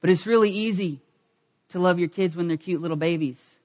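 Man, pastor, conversational sermon, high voice, acts out voices. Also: brisk. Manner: conversational preaching with asides, acting out quoted voices.

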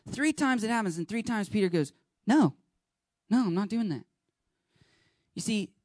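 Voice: mid-range voice, warm tone, no echo, clean studio sound. A pastor preaching earnestly and urging the listeners directly, now and then acting out short bits of dialogue. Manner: acts out short dialogue scenes. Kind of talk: sermon.

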